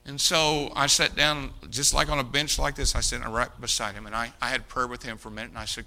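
A male preacher telling a story in a sermon, emphatic and dramatic, dropping to a hush in prayer. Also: medium pitch, fairly even intonation, brisk, few pauses.

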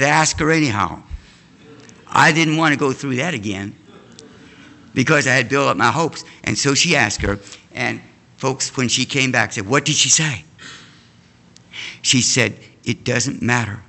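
A man's voice: mid-range voice, normal speed, long pauses, bright, forceful tone. An older man from an Amish background, giving a folksy storytelling testimony as a guest preacher in a church. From Amish community. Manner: folksy storytelling, addresses the congregation. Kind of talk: sermon testimony.

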